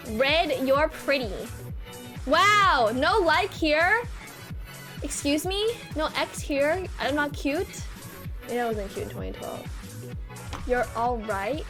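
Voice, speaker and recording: Woman streamer, high and unhurried, reacting with self-mocking giggles. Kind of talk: casual live-stream chat.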